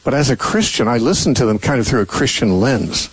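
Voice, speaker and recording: An older man hosts a call-in Bible show, talking his answers through at length with plenty of "uh" and restarts. His voice is husky, and it sits close and dry with no room sound. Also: medium pitch, lively intonation, a little fast, dry recording, rough recording. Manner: thoughtful, rambling explanations with many fillers and restarts. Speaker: call-in radio Bible teacher host. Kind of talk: call-in radio answering callers.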